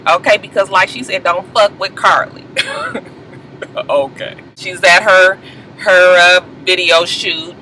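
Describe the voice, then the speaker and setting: A woman giving a casual, gossipy TV episode recap, animated and sassy, laughing often and swearing freely. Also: medium pitch, a little hiss or hum, poor audio. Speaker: TV show reviewer.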